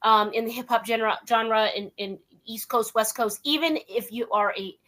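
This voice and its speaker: A woman's voice: on the high side, moderate pace, fairly bright tone. A woman hosting a radio interview from her home work den over a video call, gushing and upbeat, chatty with plenty of fillers. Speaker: talk show host.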